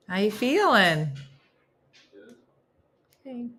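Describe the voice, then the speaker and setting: A woman's voice: mid-range voice, sing-song, unhurried, vocal fry, pauses often, fairly bright tone, slightly rough. A middle-aged woman hosting a casual live morning chat, laughing often and talking playfully to her viewers. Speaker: host of a live morning show.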